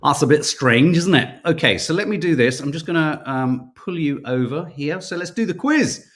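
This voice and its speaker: A man's voice: fairly high pitch, moderate pace. A man from the United Kingdom hosting a casual live-stream quiz for viewers, chatty and self-mocking, stumbling over names as he reads. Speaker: podcast co-host running a viewer quiz.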